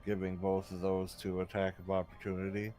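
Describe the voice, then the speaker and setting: A man playing a tabletop game, describing his character's moves in a relaxed, halting way. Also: sits low, faint music behind. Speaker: player.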